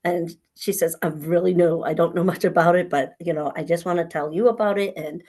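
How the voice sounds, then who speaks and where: A middle-aged woman from New telling her personal story as a guest, acting out past conversations in an animated way. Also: on the low side, fairly quick.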